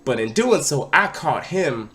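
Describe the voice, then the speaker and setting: A young man vlogging, telling a party story in a casual, excitable way and sometimes shouting out what people said. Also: on the high side, measured pace. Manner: animated, excitable, breaks into loud acted-out quotes.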